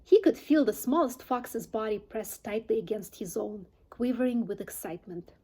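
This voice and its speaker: A woman reading a children's chapter book aloud and then asking quiz questions in a clear, teacherly way. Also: fairly high pitch, moderate pace, mellow. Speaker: storybook reader.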